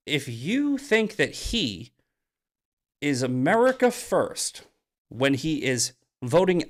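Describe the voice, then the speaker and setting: A man hosting a political monologue on a live stream, mocking his critics, swearing and shouting at points. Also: a little high. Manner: angry, profane, shouting bursts. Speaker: host.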